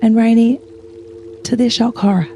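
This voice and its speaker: Woman co-host, chatty true crime storyteller, fairly high voice, hotel room. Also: fairly even intonation, normal speed, warm tone, slight background noise. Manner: dramatic, chatty with swearing asides. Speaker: podcast co-host.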